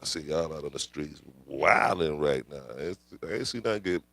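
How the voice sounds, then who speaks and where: A man's voice: extremely low pitch, lively intonation, normal speed, a bit bright, dry recording. A man hosting his own livestream, ranting casually with rambling, profane slang and frequent laughter. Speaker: livestream host. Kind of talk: casual live-stream rant.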